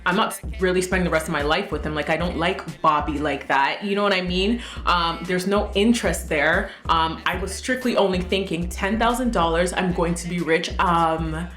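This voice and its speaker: Young woman, storytime vlog, animated and chatty, echoey room, faint music. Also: fairly low pitch, normal speed, few pauses. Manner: animated, chatty, laughs often, acts out quotes. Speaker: vlogger. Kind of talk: casual storytime.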